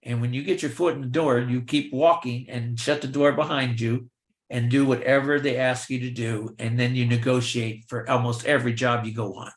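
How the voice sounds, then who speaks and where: An older man, a guest in an interview, telling lively anecdotes and acting out the voices of the people in them. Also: medium pitch, moderate pace, echoey room. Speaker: film extra and actor, guest. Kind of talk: storytelling in an interview.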